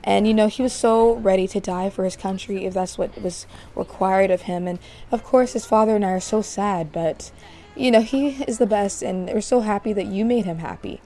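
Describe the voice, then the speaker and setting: A woman voicing a kind, grieving mother of a fallen soldier, gently consoling a young woman. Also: mid-range voice, normal speed, lightly acted. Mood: tender, sad.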